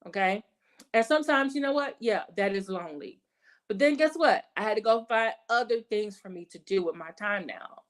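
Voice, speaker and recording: A woman's voice: medium pitch, lively intonation, moderate pace. A woman hosting her own channel, talking in an emphatic, conversational way and often checking in with "okay" and "right". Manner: emphatic, repeats "okay" and "right", acts out quoted voices. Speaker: channel host. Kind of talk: casual commentary monologue.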